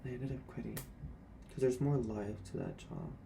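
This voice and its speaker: A man's voice: medium pitch, steady tone, normal speed, gravelly, mellow, slight background noise. A young man, a former retail worker, speaking to camera in a candid, sassy and blunt rant about old coworkers.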